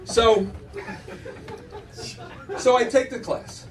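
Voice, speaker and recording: A man's voice: very high voice, extremely slow, recorded from a distance, a faint crowd, poor audio. A middle-aged man performing a stand-up comedy set in a club, telling stories with lots of restarts and audience laughter behind. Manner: animated storytelling with many restarts.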